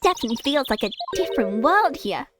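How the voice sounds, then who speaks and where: A woman's voice: sits high, sing-song, fast, over loud music. Woman doing a chipper young lawyer girl.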